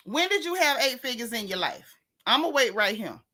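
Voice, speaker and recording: Sassy bright-voiced woman gossip host. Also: a little high, sing-song, brisk. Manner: sassy, drawling, greets viewers. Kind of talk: casual gossip commentary.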